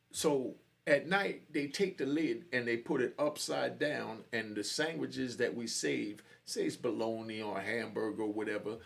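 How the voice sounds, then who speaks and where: A man's voice: mid-range voice, vocal fry. A man telling his own jail story in casual street slang, often saying "you know".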